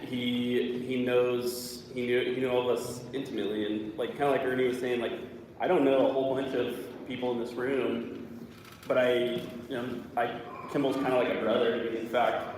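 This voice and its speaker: A man speaking at a memorial, halting and emotional, with many fillers, in a large room. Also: mid-range voice, level tone, a little mellow, a little hiss or hum. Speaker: eulogy speaker. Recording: echoey hall from far off.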